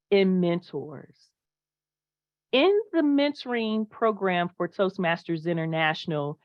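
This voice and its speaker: A woman's voice: lowish voice, dry recording, highs cut off. A woman giving a motivational talk on a video call, speaking with emphasis and reading audience chat replies aloud.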